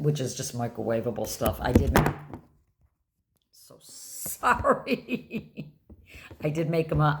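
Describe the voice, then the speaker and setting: A woman's voice: extremely low pitch, very noisy. An older woman talking candidly and bluntly in a rambling personal vlog. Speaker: vlogger.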